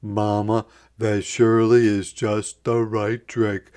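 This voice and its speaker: A man's voice: on the low side, flat delivery, slow, darkish tone, clear, resonant tone. A man voicing a drowsy, cheerful father bear in a storybook read-aloud.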